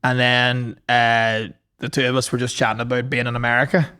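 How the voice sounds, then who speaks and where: A man's voice: medium pitch, level tone, brisk, pushed and bright, clean tone. A young man from Northern Ireland with a Northern Irish accent, co-hosting a podcast and telling rambling stories packed with "like". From Omagh, Northern Ireland. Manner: rambling storyteller with lots of "like". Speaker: podcast co-host. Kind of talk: casual chat.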